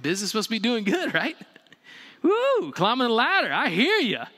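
A man voicing an admiring onlooker who gushes over someone's success in a high, exaggerated tone, with long hall reverb. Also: huge pitch swings, normal speed, bright, forceful tone, heavily acted. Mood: fawning. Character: gushing admiring onlooker, impressed by wealth.

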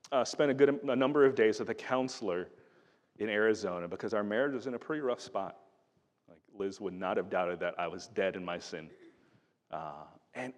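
A middle-aged man preaching a sermon in an earnest, conversational way, often restarting his sentences. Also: fairly low pitch. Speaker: pastor. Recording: reverberant hall.

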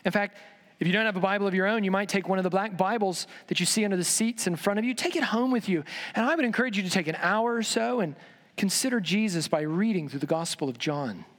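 A man preaching a sermon in a church, emphatic, dropping low and slow on key words. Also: fairly bright tone. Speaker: pastor. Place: large church sanctuary. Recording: long reverb in a church hall.

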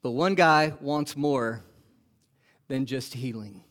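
A man preaching a sermon as pastor, animated and asking the congregation rhetorical questions. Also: medium pitch, takes it slowly.

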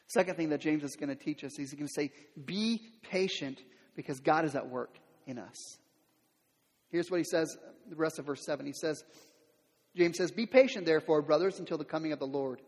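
A middle-aged man, a pastor, preaching a sermon in a conversational way, repeating words and building to loud emphatic peaks. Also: a little high, fairly quick. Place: church sanctuary. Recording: long hall reverb.

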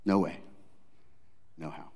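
A male pastor preaching a dramatic sermon, acting out scenes, swinging from loud to hushed. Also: takes it slowly, big-room sound.

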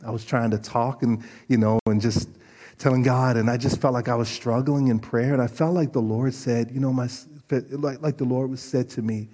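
A man preaching a sermon in a husky, slightly breathy voice. He talks in an animated, storytelling way, stumbling and restarting as he goes. His voice rings out with a long reverb, as in a large hall. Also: medium pitch, moderate pace. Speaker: pastor.

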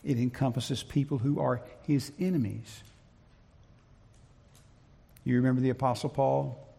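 A man preaching a sermon in an emphatic, deliberate way, repeating his key phrases, with a gravelly, husky voice. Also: medium pitch, fairly even intonation, warm tone. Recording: long reverb of a large hall.

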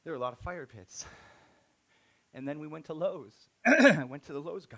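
A man in his thirties preaching a sermon, telling a story and swinging from soft-spoken to loud, excited outbursts. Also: a little high, normal speed, vocal fry. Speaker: pastor.

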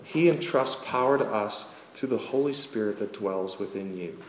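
A man's voice: lowish voice, moderate pace, slight background noise. Man preaching in an echoing church. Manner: earnest, lively preaching with wry asides. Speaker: pastor. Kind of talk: sermon. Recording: echoey hall with long reverb.

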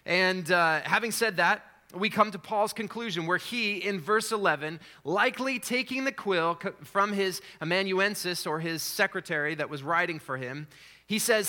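Bright-voiced man preaching. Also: high-pitched, normal speed. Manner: conversational preaching with fillers and restarts. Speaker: pastor. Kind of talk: sermon.

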